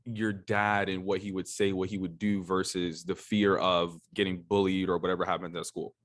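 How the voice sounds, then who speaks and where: A curious man hosts a relaxed interview and asks follow-up questions. His voice is very low-pitched, and the sound is dry and close. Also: normal speed, no room sound. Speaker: podcast host. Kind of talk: casual interview.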